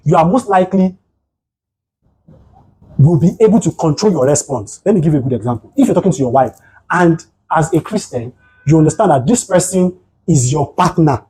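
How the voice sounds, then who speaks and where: A man with a Nigerian accent speaks to a gathered group as a psychotherapist. His voice is mellow and a little husky, and he builds his points through personal stories and rhetorical questions. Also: fairly high pitch, low-quality recording. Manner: animated storytelling, rhetorical questions. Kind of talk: motivational talk to a group.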